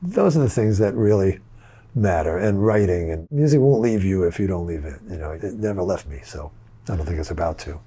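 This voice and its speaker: An older male guitarist, interviewed in casual chat, telling studio stories in an animated way, laughing along and acting out other people's lines. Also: deep voice, a little fast, a little hiss or hum. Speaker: guitarist guest.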